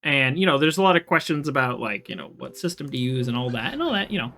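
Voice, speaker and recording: A streamer giving casual, rambling commentary while playing, self-deprecating and quick to laugh. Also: medium pitch, sing-song, sharp tone. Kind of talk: casual livestream gameplay commentary.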